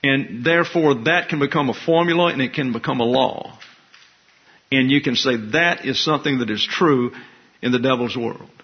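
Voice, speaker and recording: A man's voice: mid-range voice, moderate pace, husky. A man pastor giving an expository sermon, teaching in a wry, conversational way with asides. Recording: dull lo-fi recording.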